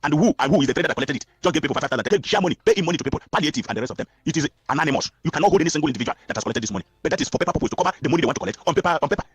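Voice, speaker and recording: A man's voice: a little high, expressive, very fast, hardly any pauses, slightly rough, no echo. A Nigerian man calling a radio show, cynical and full of hesitant fillers. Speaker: radio caller. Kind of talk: opinionated call-in.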